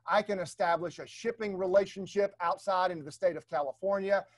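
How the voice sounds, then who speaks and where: A man's voice: high-pitched, fairly even intonation, brisk, dry recording. A middle-aged man giving a leadership webinar, explaining ideas off slides in a conversational way and often checking in with "right?". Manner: conversational, keeps asking "right?". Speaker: webinar speaker.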